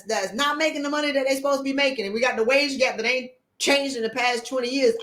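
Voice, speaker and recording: A woman's voice: on the high side, fairly bright tone, reverberant. A woman leadership coach giving a motivational talk, blunt and emphatic, firing off rhetorical questions in sassy, colloquial speech.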